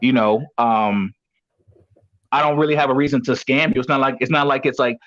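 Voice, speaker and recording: A former pro football player, now a guest coach, tells casual stories in a rambling way, leaning heavily on "you know" to fill gaps. His mid-range voice is fairly bright and a little fast, with fairly even intonation. Dull lo-fi audio.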